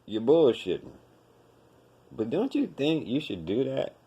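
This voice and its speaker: Dude going off on a podcast, blunt and cussing, mellow low-key tone. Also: male voice, big pitch swings, unhurried, slightly rough, dull audio. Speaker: podcast host. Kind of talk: profane commentary rant.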